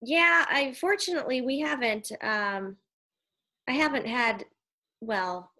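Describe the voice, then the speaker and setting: A woman hosts a relaxed conversation, chiming in with quick agreement and short stories of her own. Her voice is bright and fairly high. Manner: warm agreeing interjections, light laughs. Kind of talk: casual chat.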